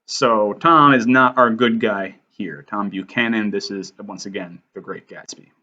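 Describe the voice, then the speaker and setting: A man's voice: on the low side, unhurried, sharp tone, lo-fi sound. A man hosting a writing lesson over slides, casual and self-deprecating. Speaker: writing teacher and host.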